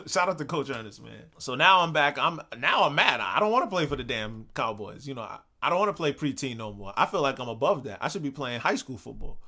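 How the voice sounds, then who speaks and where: A young man telling a personal story in a casual, animated way, laughing often and swearing casually. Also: mid-range voice, brisk, few pauses.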